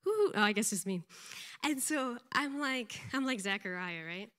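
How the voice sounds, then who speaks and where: A middle-aged woman giving an animated, self-deprecating church testimony, laughing often. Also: on the high side, normal speed. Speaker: pastor's wife giving a testimony.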